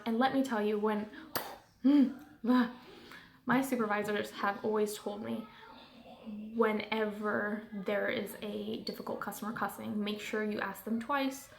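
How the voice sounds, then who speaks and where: A woman's voice: on the high side, measured pace, gravelly, roomy sound. Chatty, rambling woman ranting. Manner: chatty and rambling, full of fillers and asides. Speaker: phone customer service agent. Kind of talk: casual rant vlog.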